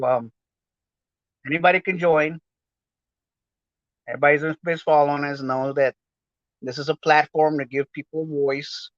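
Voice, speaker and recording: A man from Los Angeles hosts his podcast in a loose, rambling style, tossing out slang and fillers as he talks. His voice sits a little on the high side for a man. The sound is dry and dull, like a lo-fi recording. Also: fairly bright tone, dry recording. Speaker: podcast host. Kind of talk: casual livestream chat.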